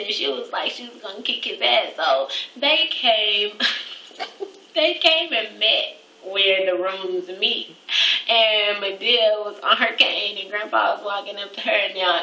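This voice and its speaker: Chatty low-voiced woman in an echoey room. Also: pushed and bright. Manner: chatty, laughing, frequent fillers and cursing. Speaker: vlogger. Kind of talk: casual storytelling. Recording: echoey room, far from the mic.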